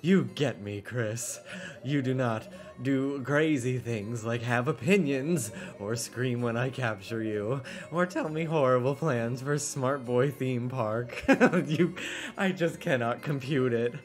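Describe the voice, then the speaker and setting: A man's voice: medium pitch, slow, faint music behind, close to an everyday voice. A man voicing a vain, scheming robot queen who speaks in stiff, formal phrases without contractions. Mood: wistful scheming.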